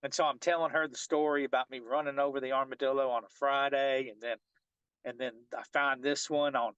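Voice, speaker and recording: A man's voice: mid-range voice, fairly even intonation, brisk, a bit bright, clear, resonant tone, no echo, lo-fi sound. A man working as a fishing guide, telling a long story in a casual interview and rambling with many restarts and fillers.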